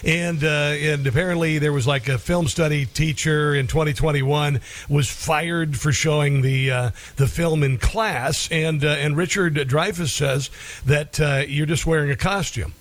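A man's voice: fairly high pitch, fairly even intonation, a little slow. A man hosting a talk radio show, blunt and indignant, talking with many ums and uhs.

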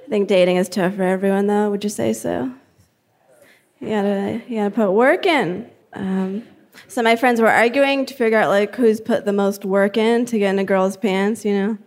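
A young woman from New Jersey doing a stand-up comedy set, dry and deadpan, with lots of "like" and "um". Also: medium pitch, normal speed. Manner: dry, deadpan delivery with filler words. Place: comedy club stage.

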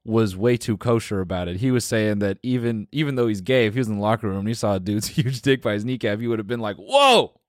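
Laid-back podcast guy, a bit low voice, dry close sound, laughs a lot. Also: steady tone, fast talker, few pauses, a little mellow, dry recording. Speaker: podcast co-host. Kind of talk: casual chat.

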